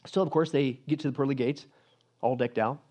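A male pastor preaching a sermon in a lively, joking manner, swinging from loud to hushed. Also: medium pitch, brisk.

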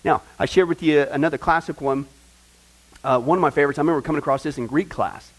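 Man, high voice, Bible teacher, chatty and emphatic, keeps checking the room. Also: quick pace, slightly rough, low-quality recording. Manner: conversational, checks in often with "right?" and "okay?"; emphatic, builds to excited points.

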